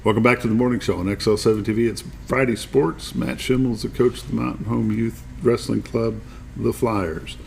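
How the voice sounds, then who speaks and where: A man's voice: mid-range voice, steady tone, a little fast, vocal fry, a little hiss or hum. A man hosting a local morning TV show, easygoing and joking as he interviews a guest.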